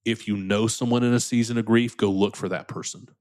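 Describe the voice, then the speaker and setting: A man with a fairly low voice talks candidly as an interview guest. He is earnest and unpolished, and he often restarts and repeats his words as he gathers his thoughts. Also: steady tone, brisk, darkish tone. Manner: earnest, repeats words when starting sentences.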